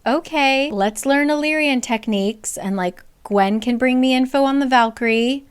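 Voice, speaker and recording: A woman's voice: high-pitched, moderate pace, clear, resonant tone, lightly acted. A woman voicing a brash, blunt male warrior trainer who fumbles when caught out. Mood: bossy.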